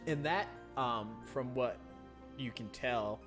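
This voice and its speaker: Slow, hesitant male game master. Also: mid-range voice, over music. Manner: slow, hesitant with many fillers. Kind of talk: narrating a tabletop game.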